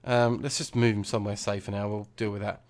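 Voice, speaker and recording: A man's voice: fairly low pitch, little pitch movement, quick pace. A man chatting casually while playing a video game, rambling through a funny story and laughing easily. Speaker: let's play host. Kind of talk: casual gameplay chat.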